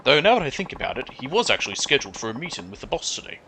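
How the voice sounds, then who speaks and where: A man's voice: mid-range voice, sing-song, very fast, bright, forceful tone, slight background noise, poor audio. A man putting on a swaggering drawling yakuza underboss. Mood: chatty. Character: brash male yakuza underboss with put-on accent.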